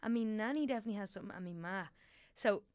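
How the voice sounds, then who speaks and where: A woman's voice: medium pitch, racing, a little mellow, no room sound. A young Irish woman chatting casually as a podcast guest, rambling with many fillers and restarts.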